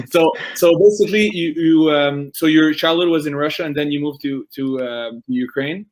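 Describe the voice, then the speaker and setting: A man's voice: a little high, moderate pace. A man hosting a casual interview podcast, who keeps searching for words with many restarts and "uh"s. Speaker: podcast host.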